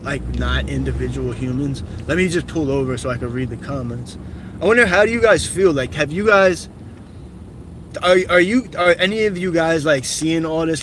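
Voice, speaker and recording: A young man live streaming while driving city streets, talking bluntly and cursing often. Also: on the high side. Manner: profane, blunt, opinionated rambling. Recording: noisy car interior with traffic. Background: car and street noise.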